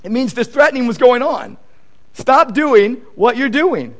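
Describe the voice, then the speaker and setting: Male pastor, sermon delivery, high and very lively voice, repeats points for emphasis. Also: unhurried. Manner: animated, acts out quoted conversations; emphatic repetition.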